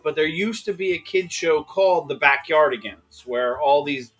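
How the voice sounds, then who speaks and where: A man's voice: on the high side, moderate pace, fairly bright tone, soft background music. A man hosting a casual chat, rambling and poking fun at himself. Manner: rambling, self-deprecating. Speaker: host.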